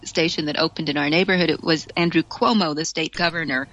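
A woman from the United States talks on a radio discussion show. Her voice is bright and fairly low-pitched. She chats loosely, with many restarts, and laughs often. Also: steady tone, fast, highs cut off. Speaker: radio guest commentator.

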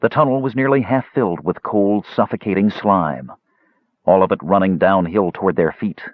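A man narrating a fantasy story in a measured storytelling manner. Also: sits low, no echo. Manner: measured storytelling, lively intonation. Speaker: audiobook narrator. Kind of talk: scripted narration. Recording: dull dry close-mic audiobook recording.

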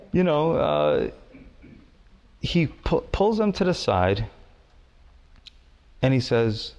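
A man's voice: a little high, animated, measured pace, long pauses, darkish tone. Man preaching in a chatty sermon. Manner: conversational, many fillers and restarts. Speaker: pastor.

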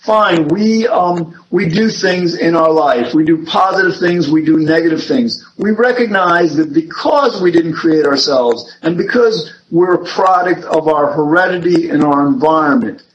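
A man's voice: on the high side, a little slow, hardly any pauses. Hesitant man explaining, lo-fi sound. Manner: explains with many fillers, hesitant restarts. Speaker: host. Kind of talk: casual explanatory discussion. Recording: dull lo-fi with faint noise.

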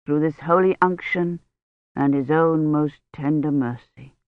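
A reader voicing a gentle, solemn medieval priest who murmurs Latin prayers slowly. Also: mid-range voice, no room sound, voice pushed down, lightly acted. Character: gentle solemn medieval male priest giving last rites. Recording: dry tinny phone-like audio.

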